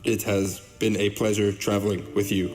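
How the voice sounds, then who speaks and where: A man voicing a flat, formal spaceship computer. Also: on the low side, moderate pace, natural voice. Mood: dutiful. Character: calm male spaceship computer. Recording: music playing behind.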